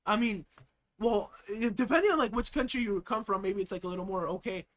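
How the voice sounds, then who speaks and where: A young American man chats casually on a live stream, reacting as he goes, giggling often and rambling with lots of fillers. His voice sits high and is a bit bright, and he talks fairly quickly.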